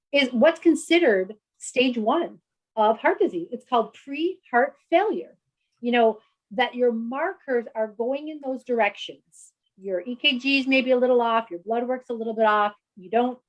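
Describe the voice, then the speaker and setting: Middle-aged female doctor, fairly high voice, chatty explainer. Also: rough recording. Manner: explanatory, chatty, frequent "you know" fillers. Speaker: doctor explaining heart health. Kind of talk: conversational explanation.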